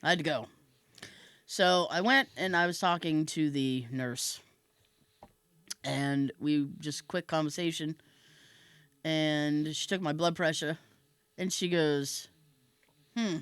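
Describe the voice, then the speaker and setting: A woman hosting a podcast, telling a comic story in a casual, animated way and laughing often. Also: low voice, slow pace, pauses often, smooth, dry recording. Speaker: podcast host.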